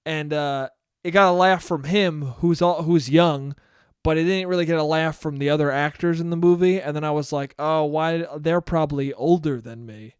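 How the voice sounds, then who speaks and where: A man's voice: on the high side, moderate pace, smooth, no echo, studio quality. A man in his twenties hosting a casual solo podcast, rambling and swearing as he laughs at his own jokes. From United States. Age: 20s. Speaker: podcast host.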